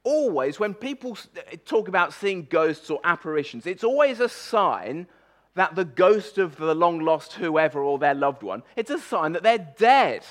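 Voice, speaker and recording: Animated, emphatic male preacher. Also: a little high, measured pace. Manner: emphatic, animated, stumbles and repeats words. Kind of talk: conversational sermon on a Bible passage.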